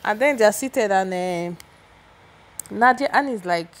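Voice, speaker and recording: A woman's voice: mid-range voice, a little slow. A woman giving a chatty, opinionated gossip recap, often restarting her sentences. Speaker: celebrity gossip vlogger.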